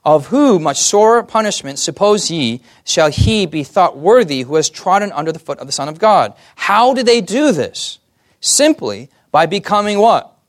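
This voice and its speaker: A young man preaching a sermon, often putting questions to the audience and asking for amens. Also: high voice.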